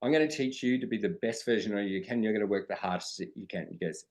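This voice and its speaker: A man's voice: on the low side, fast, darkish tone, rough recording. A middle-aged man from Australia, a drag performer and dance teacher, telling stories as a podcast guest and acting out his students' lines. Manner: storytelling, acts out quotes from students. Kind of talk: candid interview conversation.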